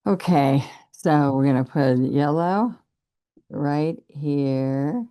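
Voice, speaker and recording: A woman's voice: sits low, very slow, warm tone, clean tone. An older woman teaching a painting lesson, chatting encouragingly as she demonstrates each stroke. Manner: chatty, encouraging, talks while working. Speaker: painting instructor.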